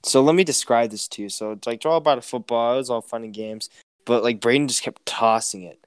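A man's voice: medium pitch, a little fast, clean tone, dry recording. A young man co-hosting a casual podcast chat, telling stories animatedly, swearing often and acting out what people said. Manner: animated storyteller, swears a lot, quotes people in raised voices. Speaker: podcast co-host.

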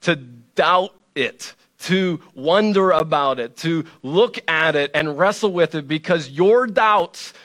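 A man's voice: a little high, slow pace, fairly bright tone. A man preaching a sermon in a conversational, playful way, driving points home with emphatic repetition. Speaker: pastor.

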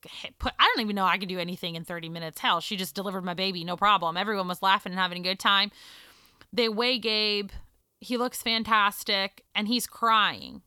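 Woman, 30s, chatty storyteller, bright crisp voice, animated with quiet hushed moments. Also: medium pitch, a little fast, no room sound, studio quality. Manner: animated, drops to a hush for emotional moments. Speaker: guest telling her birth story. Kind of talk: casual storytelling chat.

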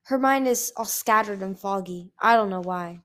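A woman reading a storybook aloud and voicing a quiet, perceptive young female dragon who speaks softly. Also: mid-range voice, moderate pace, natural voice. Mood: wondering. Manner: soft, wondering.

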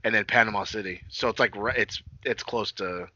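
On a dull, dry lo-fi recording with no room sound, a man co-hosts a podcast in a steady, lowish voice that's bright and forceful, moving a little fast. His banter is casual and profane; he jokes plenty and often trails off, then restarts.

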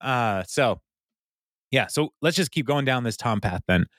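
A man's voice: medium pitch, animated, a little slow, a bit bright, dry recording, studio quality. A man co-hosting a podcast, casually recapping scenes and briefly acting out the characters' lines. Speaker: podcast co-host.

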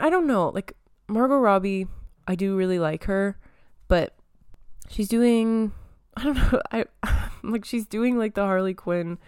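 A woman's voice: medium pitch, darkish tone, clean tone, dry recording, studio quality. A young woman hosting a casual pop-culture podcast, rambling with lots of fillers and giggles, a little phlegm in her throat. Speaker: podcast host.

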